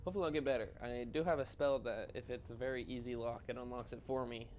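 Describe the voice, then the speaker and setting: A man speaks quickly in a mid-range, a little mellow voice with fairly even intonation, with a little hiss or hum in the audio. A tired, yawning gaming host, he narrates his own gameplay in a chatty, rambling, self-mocking way.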